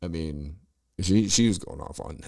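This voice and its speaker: With a low-pitched, creaky, mellow voice at a measured pace, a middle-aged man hosts a podcast of profane political commentary. He rants and swears sarcastically over news clips, recorded without echo.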